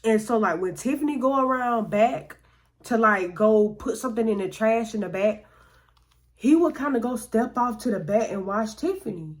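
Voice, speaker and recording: A woman's expressive, fairly high voice carries a personal storytime vlog at normal speed. She speaks casually, with slang, and regularly voices what other people said.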